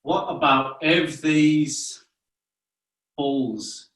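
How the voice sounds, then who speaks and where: A man leading children through a playful movement game, coaxing and animated, breaking into loud playful moos. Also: fairly high pitch, drawn-out words. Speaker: children's activity leader. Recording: echoey room, mic far off.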